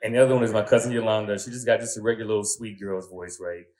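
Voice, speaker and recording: A man telling stand-up stories, animated and prone to loud, high exclamations. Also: very fast. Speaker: stand-up comedian. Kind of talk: stand-up storytelling.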